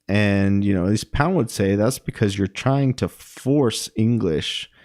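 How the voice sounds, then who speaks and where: Young man, unhurried, dry close sound, thinking aloud about verse with lots of ums. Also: on the low side, a little mellow, dry recording. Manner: musing, halting, many ums and self-corrections. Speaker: poetry commentator. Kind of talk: casual spoken analysis.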